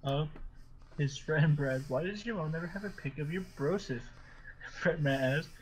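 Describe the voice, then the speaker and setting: A man's voice: fairly high pitch, slight background noise, low-quality recording. Man reading stories aloud, cracking up. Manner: reads haltingly, often breaking into laughter. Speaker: podcast host.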